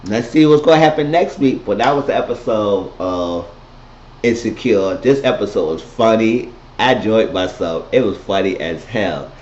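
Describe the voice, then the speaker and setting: A man's voice: lowish voice, animated, normal speed, a little mellow. A man giving a casual, rambling, profane recap of a TV episode. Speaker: TV recap vlogger. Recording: roomy lo-fi home recording.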